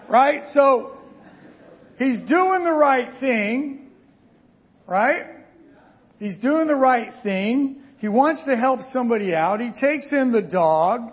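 A man preaching a sermon, telling stories with lively asides and frequent "right?" checks to the congregation. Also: extremely high pitch, drawn-out words, pauses often, highs cut off.

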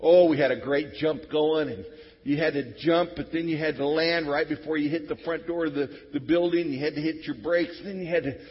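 A middle-aged pastor delivering a sermon in a church, his voice husky and a little breathy. He talks to the congregation conversationally, dropping to a hush and then rising to loud exclamations. The long reverb of the hall and a dull, lo-fi recording surround him. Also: fairly high pitch, fairly even intonation, brisk. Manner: conversational, swings from hushed to shouting. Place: church sanctuary.

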